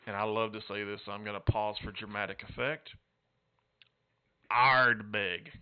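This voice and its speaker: A man's voice: on the low side, flat delivery, fast talker, clear, resonant tone. A man co-hosting a casual chat show, playfully reviewing a cigar and a whisky and tossing in joking Spanish phrases. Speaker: podcast co-host. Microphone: headphones and studio mic. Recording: slightly dull lo-fi audio.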